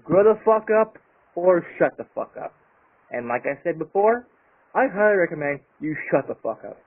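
A man's voice: on the high side, expressive, normal speed. Angry swearing man, tinny sound. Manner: angry, profane, emphatic ranting. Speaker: YouTuber. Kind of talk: ranting vlog monologue.

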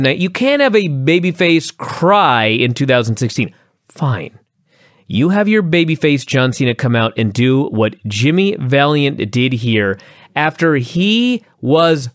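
A man's voice: unhurried, no room sound, studio quality. A man co-hosting a wrestling review podcast, ranting animatedly in casual chat. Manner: animated ranting with sweeping pitch swings. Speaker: podcast co-host.

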